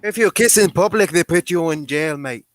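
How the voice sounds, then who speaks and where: A man's voice: fairly high pitch, normal speed, no room sound. A man calling in to a live show, blunt and provocative in casual chat. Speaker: caller.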